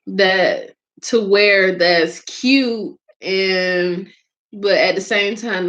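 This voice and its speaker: A woman's voice: medium pitch, a bit bright, muffled recording. A woman from Georgia with a Southern accent, hosting her show in rambling casual chat and laughing often. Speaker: host.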